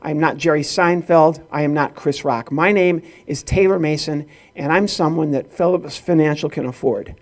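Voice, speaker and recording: A middle-aged man from rural Illinois in the US Midwest does stand-up comedy at a corporate event, telling stories with acted-out dialogue. His voice is fairly high, at a normal speed with few pauses.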